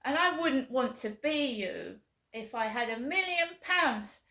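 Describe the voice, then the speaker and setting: A British woman in her fifties rants angrily to camera on her vlog, swearing hard and jabbing with sarcasm. Her voice is high-pitched, expressive, pushed and bright, a little slow, and the recording is reverberant.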